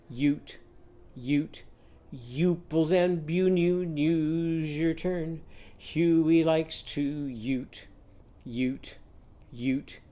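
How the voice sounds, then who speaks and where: A teacher leading a children's phonics lesson in an unhurried, sing-song way, stretching out every vowel. The voice is soft and mellow, never sharp. The delivery is a patient call-and-response chant. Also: medium pitch.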